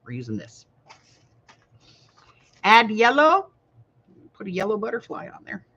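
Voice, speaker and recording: A woman's voice: medium pitch, wildly swooping pitch, unhurried, sharp tone, breathy edge, highs cut off. A woman hosting a casual live craft class, playful and joking, laughing often. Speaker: crafting livestream host.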